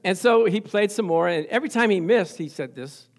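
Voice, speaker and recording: High-voiced pastor telling stories. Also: male voice, expressive, brisk. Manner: storytelling with call-and-response, laughing often. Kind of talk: sermon.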